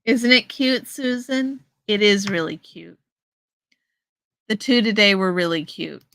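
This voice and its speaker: A woman hosts a casual livestream from home, talking slowly and unhurriedly as she answers viewers by name. Her voice is bright and a little forceful, recorded dry and close with no room sound around it. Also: mid-range voice, creaky, no echo, low-quality recording. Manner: chatty, reads and answers viewers' messages by name. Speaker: livestream host. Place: home, in front of a green screen. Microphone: headset earpiece.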